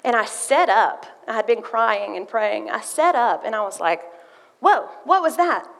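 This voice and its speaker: A woman's voice: mid-range voice, moderate pace, vocal fry. A woman giving a sermon with a personal testimony, telling her story earnestly and reading scripture aloud. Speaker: church speaker sharing a testimony. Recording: long hall reverb.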